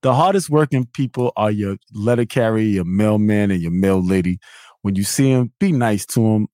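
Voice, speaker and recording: A man's voice: lowish voice, normal speed, mellow, no echo, studio quality. A man who used to be a mailman, speaking earnestly and repeating himself for emphasis in a casual podcast chat. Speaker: podcast co-host, former mailman.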